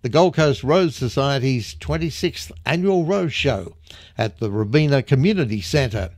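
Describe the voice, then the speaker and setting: A man's voice: medium pitch, lively intonation, a little slow, no echo, studio quality. An Australian man presenting a local radio show and reading a community announcement in a friendly, chatty way. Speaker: radio host. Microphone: studio microphone.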